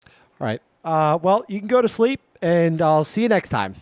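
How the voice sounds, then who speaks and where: A young man hosting a casual livestream, upbeat and playful, firing off quick sign-off patter to his viewers. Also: fairly high pitch, big pitch swings, dry recording, studio quality. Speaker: livestream host.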